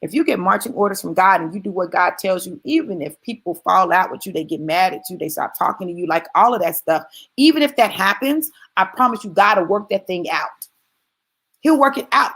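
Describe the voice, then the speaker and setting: A woman gives an emphatic, conversational motivational talk aimed squarely at her listeners, repeating key phrases to stress them. She sounds animated and fairly quick, with a medium pitch and a slightly bright, husky quality.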